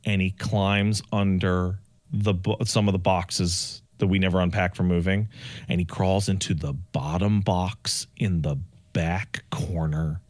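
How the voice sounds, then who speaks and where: A man co-hosting a podcast, telling a story in a casual, animated way and acting out the dialogue himself. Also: low-pitched. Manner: animated, acts out quoted dialogue. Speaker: podcast co-host.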